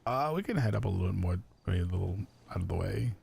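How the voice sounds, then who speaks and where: A man with a gravelly, somewhat low voice talks in character for a roleplay stream. His speech is halting and rambling, full of fillers and restarts as he chats casually. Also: expressive, darkish tone.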